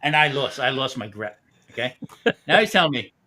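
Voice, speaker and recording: A bright, forceful-sounding man hosting a casual live stream. He spins a long, profane anecdote, laughing often between lines. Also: medium pitch, animated, a little fast, a little hiss or hum. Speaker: host.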